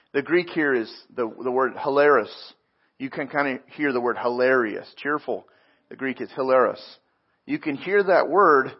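A man's voice: fairly high pitch, breathy edge, lo-fi sound. A man preaching a sermon as a pastor, earnest and conversational, often repeating his words as he explains.

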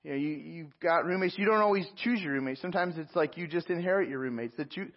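A man with a somewhat high, husky voice delivers a sermon in a conversational, storytelling way. He slips into animated asides and laughs at himself. The recording sounds a bit dull and lo-fi. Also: fast. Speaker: pastor.

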